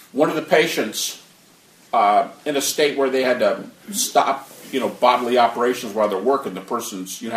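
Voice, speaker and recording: A man giving a conversational, anecdotal talk who acts out the people he quotes. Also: mid-range voice. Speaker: speaker on near-death experiences. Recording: roomy, distant mic, faint noise.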